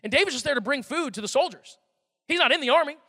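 A pastor preaching a sermon, animated and conversational, with emphatic outbursts. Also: male voice, extremely high pitch, fast talker, studio quality. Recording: reverberant hall, faint music.

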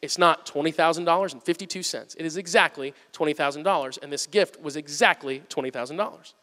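A man preaching a sermon as pastor, telling a story with lively swings from loud excitement to hushed, earnest asides. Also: on the high side, fast talker. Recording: long hall reverb.

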